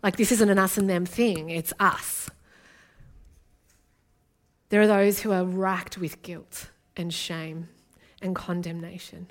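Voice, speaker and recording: A woman's voice: on the low side, level tone, a little slow, long pauses. A woman, from Australia, preaching an earnest and intimate sermon as a guest speaker.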